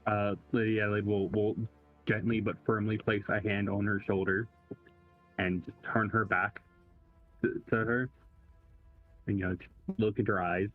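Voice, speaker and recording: A man with a low, flat voice describes his character's moves in a tabletop game, halting often with fillers like "you know." His audio is tinny and phone-like, with faint music underneath. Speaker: player. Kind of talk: casual tabletop play, third person for his character.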